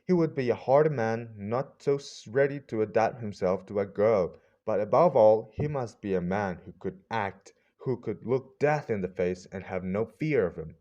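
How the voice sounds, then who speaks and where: A man's voice: fairly low pitch, lively intonation, normal speed, few pauses, warm tone, lightly acted. A man voicing a poised, idealistic young woman who talks in a coaxing, earnest way, in a slightly muffled storybook recording.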